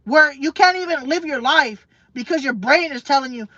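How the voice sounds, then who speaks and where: Brief: woman vlogger, fairly high voice, heated repetitive rant, dry lo-fi recording. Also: bright, forceful tone, dry recording. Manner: emphatic, repetitive, profane, halting with fillers. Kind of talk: emotional rant to camera. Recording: dull lo-fi dry sound.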